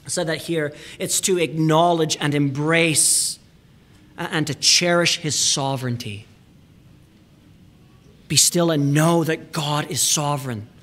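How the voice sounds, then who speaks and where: A man pastor delivers a sermon in a church. His voice sits a little high for a man. He preaches emphatically, repeating phrases and sinking to near-whispers for weight. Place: church sanctuary.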